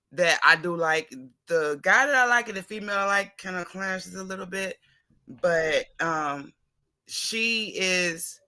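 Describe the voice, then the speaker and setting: A woman joins the host as a guest in a casual chat. She is chatty and gossipy. Her voice is bright and sharp. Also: fairly low pitch. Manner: chatty, gossipy, quick to laugh.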